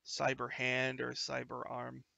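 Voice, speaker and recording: A man's voice: mid-range voice, monotone, normal speed, vocal fry, sharp tone, no room sound. A man in a laid-back, chatty way, narrating a tabletop game as game master.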